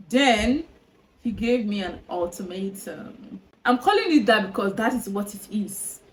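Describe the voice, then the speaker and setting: A young woman speaks straight to camera in a storytime vlog, exasperated and animated. Her voice sits at a mid-range pitch, with faint noise underneath. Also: moderate pace, low-quality recording. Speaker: vlogger.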